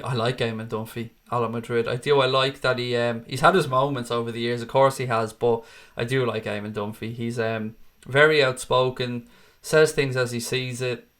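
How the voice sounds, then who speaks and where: A man's voice: medium pitch, fairly bright tone. A man hosting a casual fan channel livestream, answering viewer comments in a blunt, outspoken and often profane way. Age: adult with a wife and kids.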